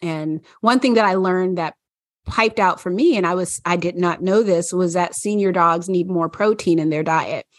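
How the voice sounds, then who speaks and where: A woman's voice: fairly low pitch, moderate pace, no room sound, clean studio sound. A woman podcast co-host chatting casually, rambling with many fillers and frequent laughs. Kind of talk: casual chat.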